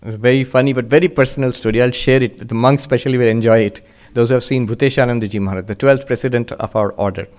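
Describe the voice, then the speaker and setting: A man's voice: medium pitch, fairly even intonation, rapid-fire, darkish tone. A monk giving a spiritual lecture to an audience, explaining step by step, asking rhetorical questions and voicing his listeners' doubts, with the odd chuckle. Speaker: monk and Vedanta teacher.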